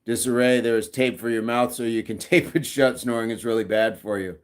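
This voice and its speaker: A man's voice: medium pitch, steady tone, brisk. Jokey man hosting a live chat. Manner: jokey, laughs often, reads chat messages aloud. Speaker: livestream host reading chat.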